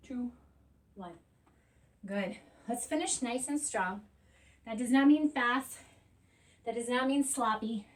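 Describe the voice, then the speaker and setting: A woman in her thirties leading a workout while doing it, counting down reps and cheering between breaths. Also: fairly high pitch. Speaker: fitness instructor. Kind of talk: coaching a workout while exercising. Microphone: camera on a tripod at a distance. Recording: voice from a distance.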